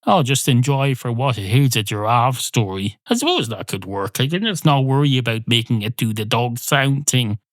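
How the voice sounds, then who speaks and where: A man's voice: medium pitch, big pitch swings, normal speed, few pauses, dry recording, clean studio sound. A man hosting a podcast, rambling through a playful comic monologue, often cutting himself off and swearing freely. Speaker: podcast host.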